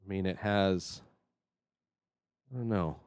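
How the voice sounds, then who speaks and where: A man hosting his own vlog, nervous and rambling with many fillers, swinging between quiet mutters and loud outbursts. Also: low voice, slow pace, clear, resonant tone, no echo. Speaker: show host. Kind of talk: casual solo vlog.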